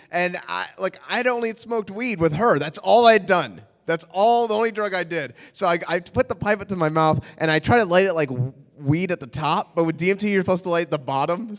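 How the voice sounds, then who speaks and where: In a hall with a long echo, a young man with a high-sitting voice tells a personal story animatedly, acting out the quotes.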